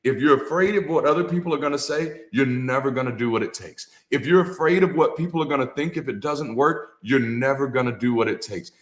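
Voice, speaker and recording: A man's voice: a little high, fairly quick, few pauses. A man, a former pastor, giving a casual motivational talk with a preacher's cadence, repeating key lines and dropping slang and swear words. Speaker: ex-pastor and co-host. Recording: echoey room.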